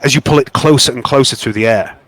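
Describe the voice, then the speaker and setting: A man narrating a tabletop game as game master in a slow, dramatic, descriptive way. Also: mid-range voice, fairly bright tone, rough recording.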